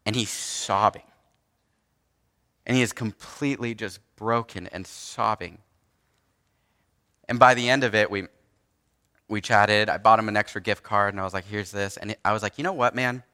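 A man's voice: fairly low pitch, steady tone, moderate pace, pauses often, sharp tone. A young man preaching, telling a personal story in a casual, earnest way with frequent restarts and fillers. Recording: long hall reverb.

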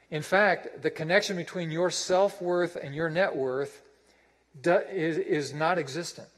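A man's voice: a little high, moderate pace, fairly bright tone, in a large hall, poor audio. A man preaching a sermon as pastor, emphatic and repeating his phrases for effect.

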